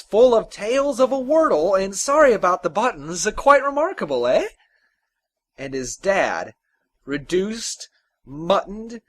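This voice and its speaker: A man narrating a folktale in an expressive, theatrical storytelling style. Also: a little high.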